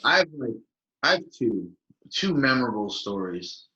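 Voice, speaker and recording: A man's voice: mid-range voice, moderate pace, lo-fi sound. A young man telling rambling stories in casual podcast chat, full of fillers and acted-out quotes. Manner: rambling, filler-heavy, animated quoting. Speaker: podcast co-host. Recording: echoey room.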